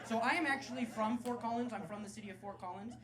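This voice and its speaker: A man's voice: very high voice, quick pace. A man doing a live stand-up set, brash and crude, with sarcastic crowd work. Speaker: stand-up comedian. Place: comedy club stage. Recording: loud live club crowd and noise.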